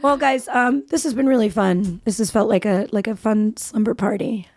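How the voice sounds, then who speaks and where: A woman hosting a podcast in casual chat, her voice scratchy and hoarse, talking chattily with frequent laughs and restarts. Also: mid-range voice, moderate pace, a little mellow. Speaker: podcast host.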